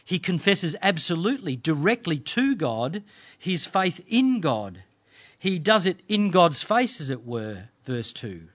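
A man delivering a sermon in a slightly higher-pitched voice. He speaks in measured, earnest phrases, pausing often to let scripture sink in. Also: very animated, fairly bright tone. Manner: measured, earnest preaching with dramatic pauses. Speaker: pastor.

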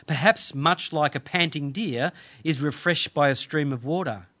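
A man delivering a sermon in a slightly higher-pitched voice. He speaks in measured, earnest phrases, pausing often to let scripture sink in. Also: pushed and bright. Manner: measured, earnest preaching with dramatic pauses. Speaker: pastor.

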